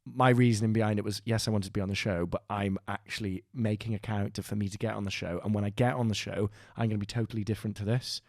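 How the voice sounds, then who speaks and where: A man's voice: fairly low pitch, steady tone, quick pace, hardly any pauses, a little mellow, no echo, clean studio sound. A Welsh man hosting a podcast, telling a rambling, sweary, self-mocking story in casual chat. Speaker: podcast host.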